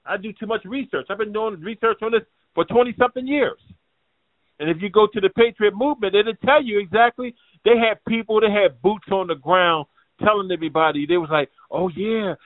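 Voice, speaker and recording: High-voiced ranting man on a tinny line. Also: no echo. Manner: profane, combative, rambling. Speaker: show host. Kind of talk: ranting commentary. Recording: tinny phone-like, dry sound.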